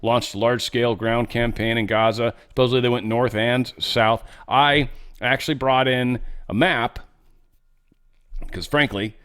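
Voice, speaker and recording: A man's voice: mid-range voice, fairly even intonation, unhurried, fairly bright tone, clean tone. A man hosting a show, giving casual political commentary in a rambling, off-the-cuff way with some swearing. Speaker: show host.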